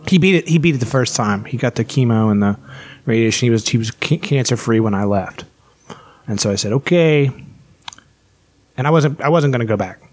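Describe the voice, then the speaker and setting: A man's voice: mid-range voice, expressive, fast. A man on a podcast telling his life story in casual chat, candid and full of swearing. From West Virginia. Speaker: podcast guest.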